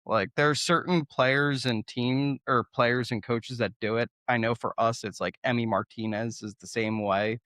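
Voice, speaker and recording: A man's voice: medium pitch, fairly even intonation, moderate pace, hardly any pauses, fairly bright tone, no room sound, studio quality. A man co-hosting a podcast, arguing his point in casual football talk and repeating words as he starts. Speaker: podcast co-host.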